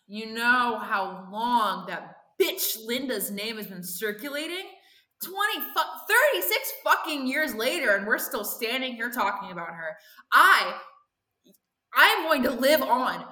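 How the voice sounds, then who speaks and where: A woman's voice: a little high, lively intonation, measured pace, pushed and bright, echoey room. A woman voicing a defiant, fame-hungry teenage girl villain who swears and sneers in a tabletop game. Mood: grandiose. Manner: cold, scornful, swearing.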